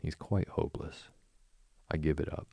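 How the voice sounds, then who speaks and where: A man's voice: very deep voice, steady tone, normal speed, vocal fry, dry recording, clean studio sound, exaggerated voice. Man voicing a firm, sensible water rat. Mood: exasperated. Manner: firm and sharp.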